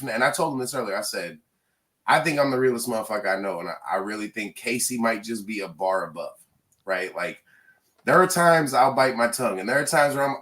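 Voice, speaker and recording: A man with a bright, forceful tone chats loosely on a podcast. He swears freely and keeps the talk animated, at an ordinary pitch for a man. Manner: animated, swears freely, bursts into loud laughs. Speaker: podcast co-host. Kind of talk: casual profane chat.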